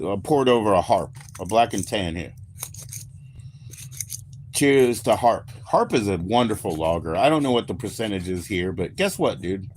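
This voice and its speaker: Laid-back, low-voiced, profane American man. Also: a little mellow, a little hiss or hum. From United States. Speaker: livestream host. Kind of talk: casual livestream chat.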